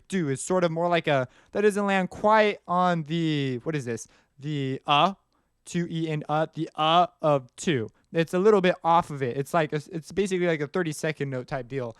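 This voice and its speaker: A man's voice: on the high side, moderate pace, a bit bright, smooth, no echo, clean studio sound. A man teaching music production in a casual, rambling way, often singing rhythms aloud as he explains. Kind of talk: screen-recorded tutorial explanation.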